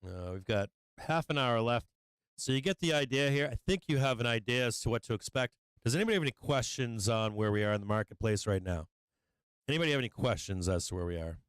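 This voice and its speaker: Male trading-stream host, casual and rambling, profane venting, smooth voice, dry close sound. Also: mid-range voice, animated, fast, dry recording, poor audio. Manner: profane, venting frustration, laughing at himself; rambling with fillers and restarts. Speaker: livestream stock trading host. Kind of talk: casual live-stream market talk.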